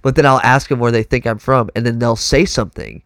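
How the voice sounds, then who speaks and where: A young man with a Texan accent, telling a story in casual chat, animated and full of put-on voices. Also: medium pitch, brisk, clear, resonant tone, no room sound, studio quality. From Texas. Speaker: guest musician.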